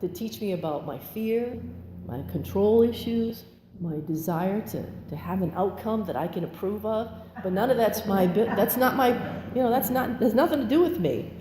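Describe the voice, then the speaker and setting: A woman giving a candid personal testimony as a speaker at a recovery meeting, animated and acting out quotes. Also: medium pitch, moderate pace, a little hiss or hum. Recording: echoey hall with long reverb, faint ambience.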